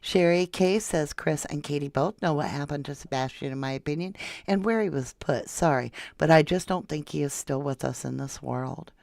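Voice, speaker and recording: A woman's voice: low voice, moderate pace, gravelly, hardly any pauses, darkish tone, no room sound. A woman from Florida hosting a casual true crime livestream, chatting and reading viewer comments aloud. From Florida, USA. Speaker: true crime channel host.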